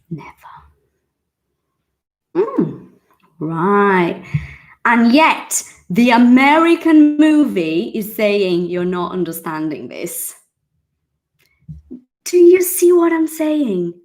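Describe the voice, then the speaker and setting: A woman from Brazil with a Brazilian Portuguese accent, giving a casual, expressive English lesson with acted-out reactions. She sounds like she is in her thirties. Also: lowish voice. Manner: expressive, acts out surprised reactions. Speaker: English teacher.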